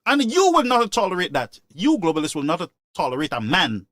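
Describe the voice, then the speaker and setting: A man's voice: high-pitched, wildly swooping pitch, a little fast, a bit bright, dry recording, clean studio sound. A man hosting a call-in show, talking in an impassioned, preachy way and repeating his points for emphasis. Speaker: radio call-in show host. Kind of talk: opinionated call-in talk.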